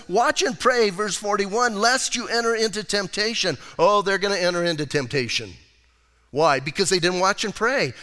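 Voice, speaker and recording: A man with an American accent preaching a conversational, animated sermon as pastor, acting out quotes along the way. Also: on the high side. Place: church sanctuary. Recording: reverberant church hall recording.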